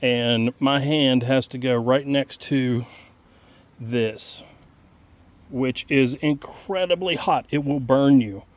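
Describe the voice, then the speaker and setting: An equipment vlogger takes his time explaining a how-to outdoors next to his tractor, folksy and meandering with plenty of filler words. His voice is medium in pitch.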